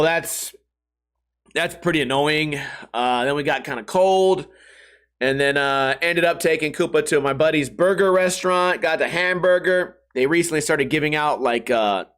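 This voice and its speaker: A man's voice: on the high side, a bit bright. A middle-aged man hosting a casual solo podcast, telling a rambling, profane, jokey story and acting out quotes in other voices. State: hungover and stiff. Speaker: podcast host.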